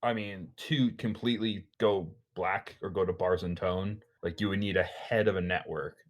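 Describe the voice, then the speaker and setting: A young man with a fairly low voice co-hosts a casual movie podcast. He talks in a laid-back, wry way. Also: fairly even intonation, moderate pace. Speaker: podcast co-host. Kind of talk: casual movie review chat.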